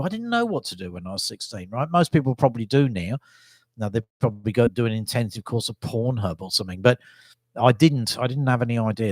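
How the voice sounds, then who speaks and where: Middle-aged English man, mid-pitched voice, dry close sound, rambling self-mocking vlogger. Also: dry recording. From England. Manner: rambling, self-deprecating, chuckling asides. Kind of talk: casual storytelling monologue.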